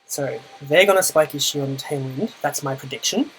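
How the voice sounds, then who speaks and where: A man's voice: a little high, moderate pace, a bit bright, a little hiss or hum, low-quality recording. A young man giving a dry, muttered running commentary on his own game, groaning at setbacks. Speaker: channel host and player. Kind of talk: live gameplay commentary.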